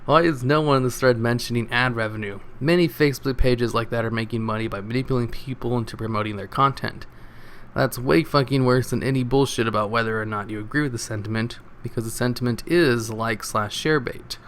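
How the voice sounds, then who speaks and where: Man, mid-pitched voice, reads online comments aloud, casual and sarcastic, slight hiss behind. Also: steady tone, brisk, fairly bright tone. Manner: casual, sarcastic reading with chuckles. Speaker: reader of online posts. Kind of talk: reading forum comments aloud.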